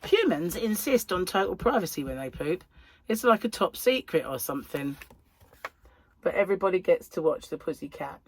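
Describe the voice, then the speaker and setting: A woman's voice: lowish voice, very animated, moderate pace, slight background noise. A middle-aged woman, chatting casually and rambling as a crochet vlogger, full of giggly asides. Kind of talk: casual chat.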